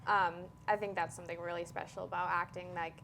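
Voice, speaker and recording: A young woman hosts a relaxed interview, her voice a little lower than most women's. She talks in a friendly, chatty way, filling pauses with "um" and "like", over a faint background hum. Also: creaky. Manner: friendly, chatty, frequent fillers. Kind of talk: casual interview chat.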